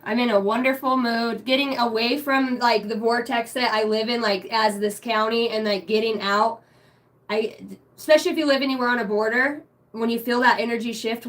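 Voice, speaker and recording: Excitable, swearing woman on a livestream. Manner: excitable, swearing, bursts of loud laughter; hushed and low when praying. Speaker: spiritual reader streaming live. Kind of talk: casual livestream chat with viewers.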